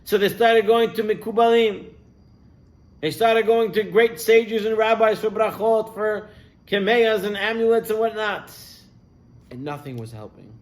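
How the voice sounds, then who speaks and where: A rabbi with a high, light male voice tells stories to his congregation. He speaks animatedly, climbing for the dramatic moments and dropping low and soft for the quiet ones. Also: measured pace. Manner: animated storyteller, voice rising and falling with the tale. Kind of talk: sermon storytelling.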